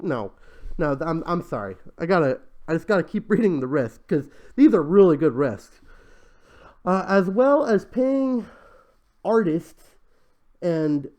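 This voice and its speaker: This young male show host has a fairly high, very animated voice that leaps around, with a darkish tone and a measured pace. Commenting on crowdfunding pitches, he rants casually, sarcastically and with exasperation, sighing and stumbling over restarts as he tears into what he reads.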